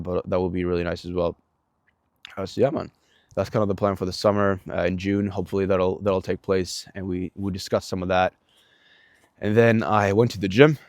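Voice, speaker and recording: A man's voice: deep voice, a little mellow, dry recording, studio quality. A young man with a Swedish accent talks through his day in a casual vlog, rambling with many fillers and restarts, and swears often. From Sweden. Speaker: vlogger.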